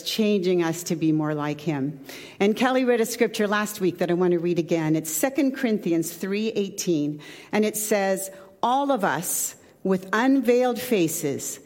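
A woman's voice: medium pitch, darkish tone. Chatty woman preaching in an echoey hall. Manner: conversational, chatty, with asides. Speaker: pastor. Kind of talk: sermon.

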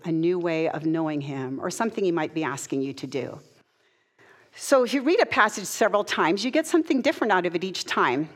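A middle-aged woman giving a personal devotional talk, earnest and conversational, at times moved close to tears. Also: on the low side. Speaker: speaker sharing a Bible devotional practice.

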